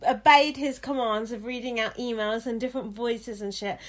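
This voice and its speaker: High-pitched woman ranting angrily. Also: fairly even intonation, moderate pace. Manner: angry, swears heavily, emphatic. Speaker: podcast host. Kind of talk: casual podcast rant.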